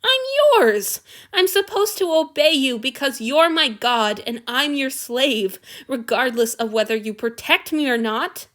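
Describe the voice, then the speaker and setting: A woman's voice: high-pitched, animated, a little slow, fairly bright tone. A woman reading aloud, voicing a meek, devoted young male servant who pleads and abases himself. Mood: pleading. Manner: pleading, self-abasing. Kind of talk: audiobook reading.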